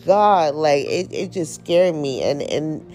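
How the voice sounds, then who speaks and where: A woman with a low voice hosts her own podcast, talking in a loose, rambling way full of slang and casual swearing. Faint music plays quietly behind her. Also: expressive, slow. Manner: candid, slangy, swears freely, rambling storyteller. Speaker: podcast host. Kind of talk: casual unedited podcast chat.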